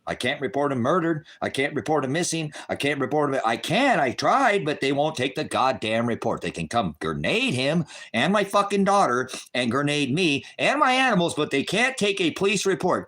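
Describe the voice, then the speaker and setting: A man's voice: big pitch swings, a little fast, hardly any pauses. Cursing, raging middle-aged man. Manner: heavy cursing, bitter and raging; swings from shouting to low muttering. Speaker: online ministry broadcaster. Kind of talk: angry unscripted rant to viewers.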